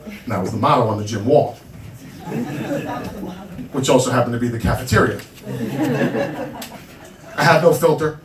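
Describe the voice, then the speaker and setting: Heard from a distance in a roomy small club with a noisy crowd, a Long Island man in his thirties delivers brash, self-mocking stand-up. He speaks at a normal speed in a mid-range voice, leaving long pauses.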